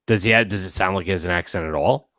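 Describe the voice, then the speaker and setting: A man's voice: low voice, fast talker, sharp tone, no echo, studio quality. A man co-hosting a casual podcast, swearing often. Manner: swears a lot, laughs easily. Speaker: podcast co-host.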